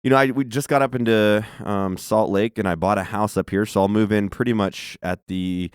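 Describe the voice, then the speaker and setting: Man, 30s, podcast co-host, profane storyteller, deep smooth voice. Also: fairly even intonation, brisk, dry recording, studio quality. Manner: profane storytelling, laughs often. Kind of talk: casual chat.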